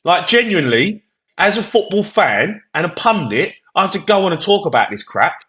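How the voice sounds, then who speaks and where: A man co-hosting a football show, ranting loudly and in exasperation. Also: high-pitched, very animated, moderate pace. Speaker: podcast co-host. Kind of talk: heated football debate.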